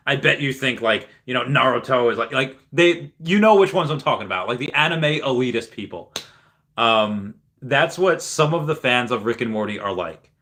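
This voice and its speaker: A young man chats loosely on his livestream, his voice bright and forward. He rambles through stories with plenty of fillers and false starts, then reads viewers' messages aloud and answers them. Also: mid-range voice, lively intonation, normal speed. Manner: rambling, many fillers and restarts. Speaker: livestream host. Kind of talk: casual livestream chat.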